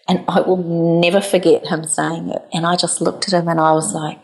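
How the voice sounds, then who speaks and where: Brief: candid woman guest in her forties, deep voice, hesitant restarts. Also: little pitch movement, brisk, vocal fry, few pauses, darkish tone. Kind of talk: emotional personal storytelling. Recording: echoey room.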